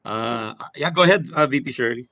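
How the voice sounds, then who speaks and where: A Filipino man chairs a committee hearing over a video call. He sounds dry and close to the mic, with a middle pitch, and he asks his questions in a measured, inquisitive way. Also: expressive, vocal fry, pushed and bright, dry recording. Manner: measured, inquisitive, code-switching.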